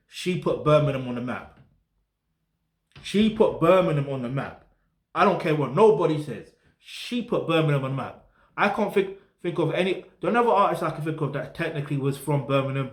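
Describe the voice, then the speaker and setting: A man's voice: on the high side, echoey room. A man with a South London accent, rambling casually to camera as he reviews music, dropping slang tags like "get me" and "yeah". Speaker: music reaction host. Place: flat in a residential block.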